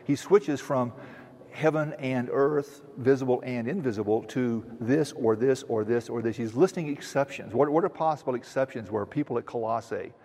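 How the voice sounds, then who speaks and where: A man preaching an expository sermon, earnestly teaching and slowing down to stress quoted verses. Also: mid-range voice, dark tone, in a large hall. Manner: earnest teaching, with frequent restarts and slow emphatic quotes. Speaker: pastor.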